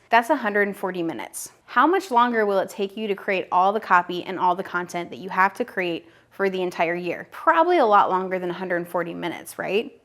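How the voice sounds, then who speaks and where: A woman's voice: mid-range voice, a bit bright. Upbeat woman in her thirties teaching. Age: 30s. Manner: upbeat, direct, talks straight to the viewer. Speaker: online business educator. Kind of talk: direct-to-camera teaching video.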